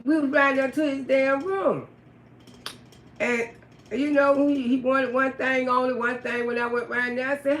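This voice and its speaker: High bright woman storytelling on a live, cussing and laughing, aave, echoey room, little hiss. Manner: profane, animated, laughing often. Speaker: livestream storyteller. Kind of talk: casual storytelling on a livestream.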